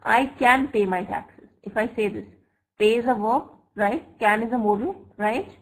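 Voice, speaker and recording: Woman, online grammar teacher, slightly high voice, slow examples, keeps asking "right?". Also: poor audio. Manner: checks understanding with frequent "right?" and "fine?"; slow, deliberate example sentences. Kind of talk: online English grammar lesson. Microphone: computer mic for a web class.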